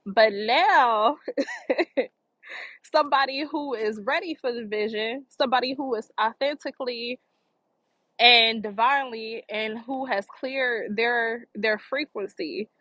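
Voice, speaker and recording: A woman's voice: on the high side, slow pace, fairly bright tone, no room sound, rough recording. A woman talking outdoors by the water in a park, giving earnest spiritual encouragement and repeating phrases for emphasis. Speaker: motivational vlogger. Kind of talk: spiritual motivational talk.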